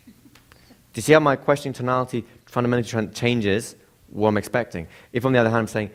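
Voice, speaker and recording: Pausing often, a man lectures his class in a steady, medium-pitched voice at a moderate pace. The instructor regularly asks the room rhetorical questions and performs examples of how intonation sounds.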